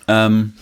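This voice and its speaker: A man hosting a podcast at home, rambling and joking, laughing often while eating at the table. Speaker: podcast host. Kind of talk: casual chat.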